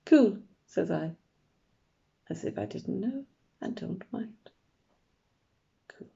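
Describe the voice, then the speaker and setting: A woman reading a novel aloud in a wry, deadpan first-person narration, in a dull lo-fi recording. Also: mid-range voice, measured pace, creaky, husky. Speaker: audiobook narrator.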